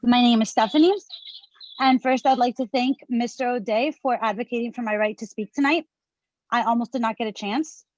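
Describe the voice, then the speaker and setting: A woman in her thirties from New Jersey speaks with earnest, emotional weight in a fairly high voice. The sound is dry and close, but muffled like lo-fi meeting audio. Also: a little fast, darkish tone, no echo. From Hudson County, New Jersey. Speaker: public commenter, teacher and mother. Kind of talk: impassioned public comment.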